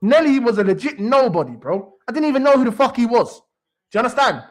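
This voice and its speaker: Brisk and very high-voiced, a young man running a football livestream rants heatedly, swearing as he repeats phrases for emphasis.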